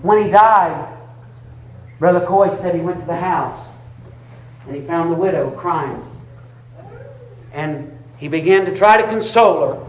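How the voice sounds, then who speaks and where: A man's voice: a little high, unhurried, long pauses, a little hiss or hum. A man preaching a fervent sermon, calling on listeners by name and rising into a chanted, sing-song delivery. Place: church sanctuary. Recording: echoey church room.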